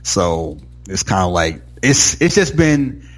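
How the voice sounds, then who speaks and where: Husky, animated man recapping TV. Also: low voice, takes it slowly. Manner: animated, acts out characters' lines mid-story. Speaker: podcast co-host. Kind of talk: casual TV recap chat.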